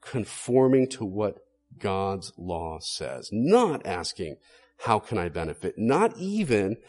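Man preaching, sermon, animated pitch, earnest, rhetorical questions. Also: slow.

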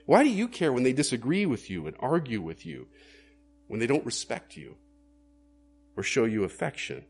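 A man's voice: medium pitch, big pitch swings, moderate pace, gravelly, darkish tone, a little hiss or hum. A male pastor preaching a sermon in an earnest, questioning way that rises to emphatic bursts.

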